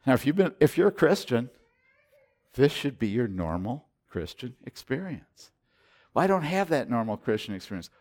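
A pastor in his sixties preaches an impassioned sermon, moving between loud exhortation and hushed intensity. His medium-pitched voice is sing-song, delivered at a moderate pace.

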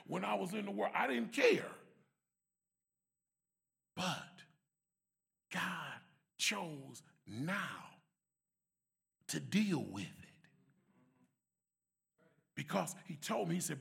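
A man giving an emphatic church testimony and prayer, swinging from shouts to soft prayer. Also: high voice, vocal fry.

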